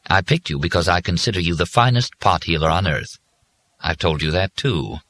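A man voicing a calm, reassuring godlike being in human form in an audiobook. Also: sits low, normal speed.

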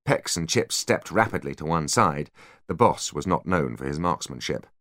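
Deep-voiced man narrating expressively. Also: moderate pace, no echo, clean studio sound. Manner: expressive, dramatic. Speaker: audiobook narrator. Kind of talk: scripted narration.

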